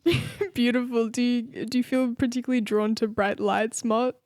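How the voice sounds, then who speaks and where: A woman's voice: fairly high pitch, fairly even intonation, moderate pace, darkish tone, dry recording, studio quality. Giggly woman on a comedy podcast. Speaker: podcast co-host. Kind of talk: improvised comedy chat.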